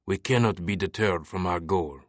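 A man reading an audiobook who voices a scheming male mastermind with a French accent, speaking in a hushed, deliberate way and sometimes whispering. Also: low voice, no echo, studio quality, lightly acted. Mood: hushed, commanding. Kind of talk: audiobook character voice.

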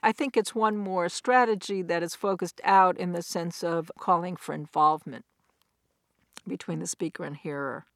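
A middle-aged woman giving a recorded academic lecture, explaining points step by step in a measured, clear way. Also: fairly low pitch, a bit bright, dry recording, studio quality. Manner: measured, explanatory, with quoted examples.

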